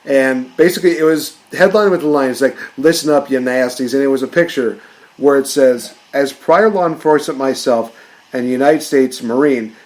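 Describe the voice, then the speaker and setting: A man's voice: medium pitch, normal speed, darkish tone, rough recording. A man hosting a podcast, ranting in a casual, jokey way. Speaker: podcast host.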